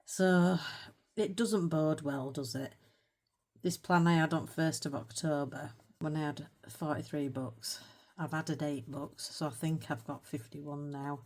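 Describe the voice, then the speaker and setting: Low-voiced chatty British woman. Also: fairly even intonation, a little slow, a little mellow. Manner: chatty and rambling, self-mocking, with little laughs. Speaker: colouring channel host. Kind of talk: casual chat while colouring.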